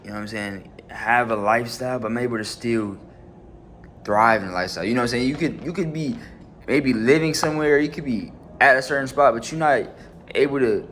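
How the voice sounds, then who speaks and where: A man's voice: medium pitch, fairly quick, fairly bright tone, a little hiss or hum. A man talking casually to his channel from home, in loose slang and with constant "you know what I'm saying" fillers. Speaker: channel host. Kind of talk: casual motivational vlog talk.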